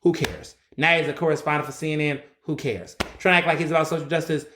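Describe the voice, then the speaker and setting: A man's voice: a little high, steady tone, fast, fairly bright tone, reverberant, a little hiss or hum. Blunt, profane male podcast host. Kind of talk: solo podcast commentary. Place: recording in Philadelphia.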